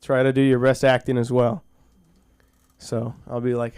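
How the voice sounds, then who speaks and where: Guy doing open mic standup, goofy and self-deprecating, keeps restarting sentences, smooth voice, dry sound. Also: mid-range voice, level tone, a little mellow, dry recording. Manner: rambling, halting, with frequent restarts. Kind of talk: stand-up comedy and recited monologue at an open mic. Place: small comedy school stage. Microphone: handheld stage mic.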